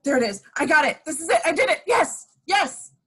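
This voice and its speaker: A woman reading the part of a frightened but determined teenage girl in an amateur online table read, breathless and halting. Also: mid-range voice, breathy edge. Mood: triumphant. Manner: breathless, halting, stammers when rushed.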